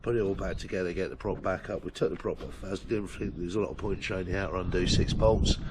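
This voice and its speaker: A man with a hoarse, croaky throat hosting a casual repair video, explaining the job in a laid-back way with lots of fillers. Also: low-pitched, fast talker. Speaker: host doing vehicle repairs. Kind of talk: casual how-to narration. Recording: loud background noise with clicks.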